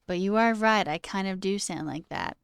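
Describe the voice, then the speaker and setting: A young woman hosts a casual livestream, chatting freely, laughing often, and saying "okay" and "all right" constantly. Her mid-range, creaky voice swings widely in pitch at a moderate pace, recorded with clean, echo-free studio quality.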